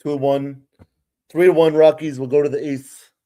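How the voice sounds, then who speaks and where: A man's voice: a little high, level tone, measured pace, dark tone. A young man doing amateur live play-by-play of a baseball game as a frustrated, ranting fan who curses now and then.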